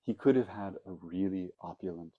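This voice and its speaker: A man, a Zen teacher, giving a dharma talk, telling stories in a reflective way with pauses. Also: low-pitched, phone-quality sound.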